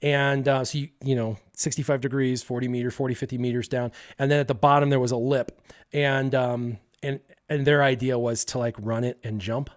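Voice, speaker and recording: A man hosting a stream, casually telling a story to his live chat in an animated way, acting out the voices of the people in it and using many fillers like "um" and "like". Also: medium pitch, a little fast. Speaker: streamer host.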